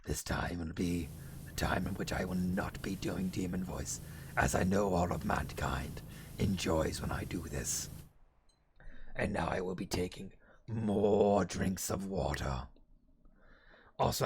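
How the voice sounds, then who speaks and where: A man voicing a brooding male demon who slowly speaks theatrical, doom-laden proclamations in a low, whispery rasp during a livestream. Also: heavily acted. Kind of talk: livestream character voice.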